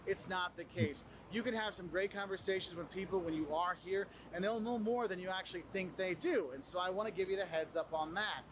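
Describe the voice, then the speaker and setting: A man presenting travel tips in casual advice to the camera, animated and acting out what other people say. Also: high-pitched, fairly quick, hardly any pauses, noisy background. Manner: animated, acts out quoted people.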